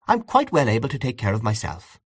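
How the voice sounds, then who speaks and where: A man's voice: mid-range voice, huge pitch swings, fairly quick, husky, no room sound, studio quality, exaggerated voice. A man voicing a spirited young woman in a storybook reading.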